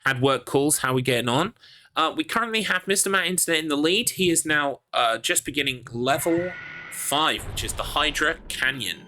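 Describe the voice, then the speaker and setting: A man's voice: on the high side, animated, normal speed, sharp tone. A man hosting a livestreamed game race, commentating in a dry, joking way and laughing often.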